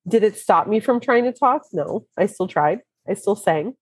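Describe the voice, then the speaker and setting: A woman co-hosting a podcast in casual chat, a bit hoarse from illness, telling stories with frequent laughs. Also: medium pitch, expressive, normal speed, dry recording. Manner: laughs often, chatty storytelling. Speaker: podcast co-host.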